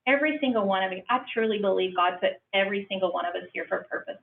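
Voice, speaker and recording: A woman's voice: medium pitch, rapid-fire, vocal fry. A middle-aged woman speaks earnestly and emotionally, acting out the quoted lines of her story. She is heard from far off in a roomy hall, with a narrow, phone-like sound and faint hiss. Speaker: franchise owner speaking at a business conference. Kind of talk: personal testimony talk.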